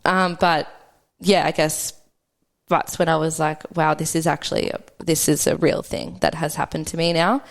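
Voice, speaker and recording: A young woman speaks in a fairly low voice, talking quickly and conversationally as a podcast guest. She tells her own story candidly and often acts out past dialogue. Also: little pitch movement, vocal fry.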